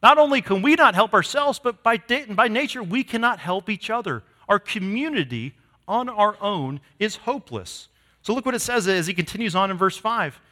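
A man preaching a sermon to his congregation, emphatic, swinging from loud declarations to hushed lines. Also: sits high, expressive, moderate pace. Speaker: pastor. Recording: long hall reverb.

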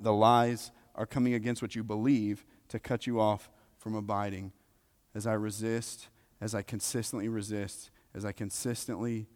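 A man preaching a sermon, emphatic, repeating key phrases and swinging between loud and soft. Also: on the low side. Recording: long reverb of a large hall.

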